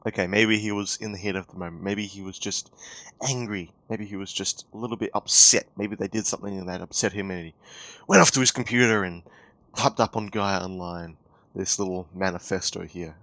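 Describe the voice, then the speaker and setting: A man's voice: low-pitched, steady tone, brisk, fairly bright tone, no echo. A man giving sarcastic, incredulous commentary for an online video. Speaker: commentary YouTuber.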